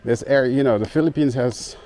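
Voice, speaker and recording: Medium-pitched and mellow, this man talks a little fast despite being out of breath on a rural trail. Slight background noise accompanies his relaxed handheld travel vlog, where he chuckles often and greets people he meets.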